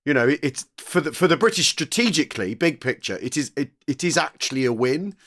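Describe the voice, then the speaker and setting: A man's voice: on the high side, animated, a little fast, fairly bright tone. A man co-hosting a casual podcast, explaining points at length and steering the conversation. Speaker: podcast co-host.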